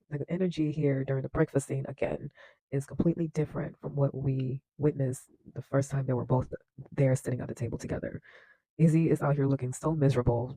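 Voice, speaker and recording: Mellow-voiced man recapping a film. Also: mid-range voice, dry recording, low-quality recording. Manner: chatty, leans on fillers, laughs often. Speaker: film reaction host. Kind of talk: casual movie recap and commentary.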